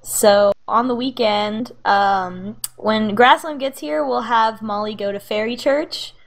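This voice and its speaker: A woman's voice: on the high side, slow pace. Rambling woman game master. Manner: rambling, many fillers and restarts. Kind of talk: narrating a tabletop game.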